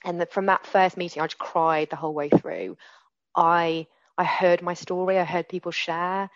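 A woman's voice: lowish voice, moderate pace, no room sound, dull audio. A woman in her forties telling her recovery story candidly and earnestly, often restarting her sentences. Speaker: recovery speaker. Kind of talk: personal testimony.

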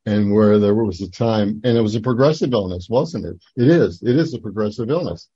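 An older man from New Jersey giving a personal testimony at a recovery meeting, rambling and halting with many fillers and restarts. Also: fairly low pitch, warm tone, husky, dry recording, dull audio. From Atlantic City, New Jersey.

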